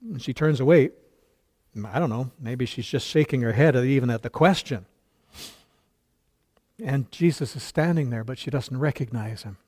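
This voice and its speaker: A man's voice: mid-range voice, moderate pace, long pauses, darkish tone. A male pastor preaching a sermon, retelling a story earnestly with quoted dialogue and occasional stumbles.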